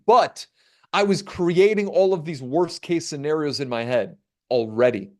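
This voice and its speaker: Animated, slightly high-voiced male storyteller. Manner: animated, acts out dialogue, dramatic pauses. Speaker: keynote speaker. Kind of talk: storytelling talk. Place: webinar.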